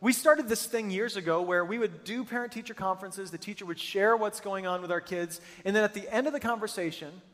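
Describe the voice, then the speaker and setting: A man's voice: sits high, a little fast, few pauses, a bit bright. A middle-aged man preaching a sermon, telling stories in an emphatic, earnest way. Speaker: pastor. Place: church auditorium with hundreds present. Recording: long reverb of a large church hall.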